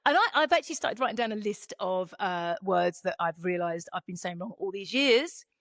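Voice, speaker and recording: A woman's voice: mid-range voice, expressive, moderate pace, a bit bright, dry recording, clean studio sound. A woman from Europe hosting a casual parenting podcast, rambling along with frequent ums and restarts. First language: not English. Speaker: podcast host.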